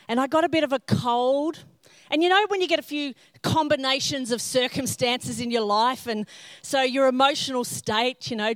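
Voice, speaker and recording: A woman's voice: a little high, dry recording. A middle-aged woman preaching a sermon, telling self-mocking stories and acting out the scenes. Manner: self-mocking humorous storytelling; animated, acts out scenes in character. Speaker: pastor.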